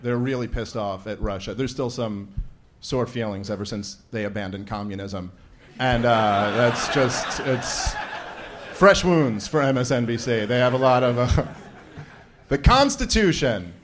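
A man opens a live event with a stand-up set, his medium-pitched voice expressive and measured, with a little hiss or hum in the recording. He's sarcastic and rambling, often laughing at his own jokes.

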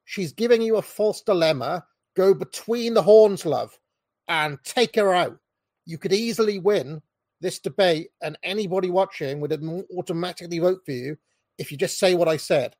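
Male commentator, blunt and scornful reaction ranting, higher-pitched, dry mic. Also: normal speed, a little mellow, dry recording. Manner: blunt, mocking, combative. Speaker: political commentator reacting to a clip.

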